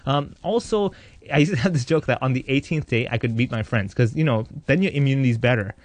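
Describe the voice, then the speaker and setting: A man in his thirties tells his own story at a brisk clip, mixing candor with jokes and quick bits of acted dialogue. His voice sits at an ordinary middle pitch. The sound is close and dry, with no room around it. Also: no echo. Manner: animated, joking, acts out voices in quotes. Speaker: interviewee. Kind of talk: candid personal storytelling.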